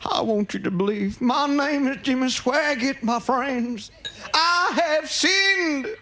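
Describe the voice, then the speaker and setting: A man doing an impression of a fervent male television evangelist, with a drawn-out, rising preaching cadence. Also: extremely high pitch, pushed and bright, pitched above the performer's own voice, exaggerated voice.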